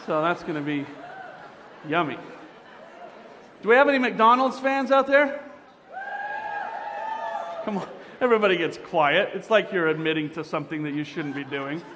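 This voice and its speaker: A man emceeing a pageant, joking playfully and quizzing the audience as he warms up the crowd. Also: fairly high pitch, lively intonation, moderate pace, pauses often. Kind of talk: crowd warm-up banter. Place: large indoor auditorium. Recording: reverberant hall with crowd noise.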